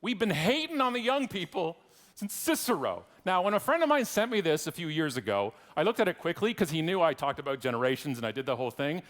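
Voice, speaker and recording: Talking fast with big pitch swings, a middle-aged Canadian-accented man in a slightly high, fairly bright voice gives a humorous keynote and wryly ribs the audience. It's recorded on a large conference hall stage, with the long reverb of the big room.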